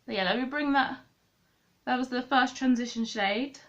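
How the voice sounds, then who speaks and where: A woman with a slightly high voice talks through her makeup as she works. She rambles and corrects herself mid-sentence in a loose, chatty way. The audio is a bit dull and lo-fi. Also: moderate pace, fairly bright tone. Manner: thinks aloud, rambling and self-correcting. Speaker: beauty vlogger.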